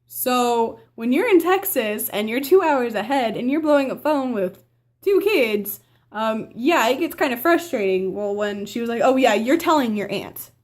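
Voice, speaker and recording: In an unhurried, animated voice that's a little high, a teenage girl tells a personal story to camera. The telling is casual and rambling, with fillers and self-corrections, and she performs her family members' lines in quotes.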